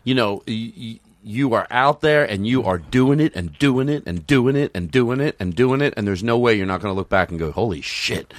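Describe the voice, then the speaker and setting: A middle-aged man, a guest comedian, talking in a rambling, animated way on a podcast and breaking into acted quotes. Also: mid-range voice, moderate pace, few pauses, no room sound. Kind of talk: casual podcast chat.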